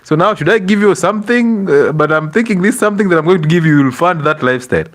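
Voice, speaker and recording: A young man with a Kenyan accent chats on a livestream, mixing English with bits of Swahili. His pitch is animated and bouncy, with frequent bursts of laughter and exclamations as he greets his audience. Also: fast. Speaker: livestream host. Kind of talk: casual livestream chat reading out viewers.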